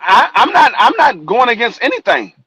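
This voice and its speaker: A man's voice: extremely high pitch, sing-song, moderate pace, sharp tone, breathy edge, no echo, poor audio. A man on a boxing talk panel, combative and challenging, pressing his accusations again and again. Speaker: debate panelist. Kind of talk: heated panel debate.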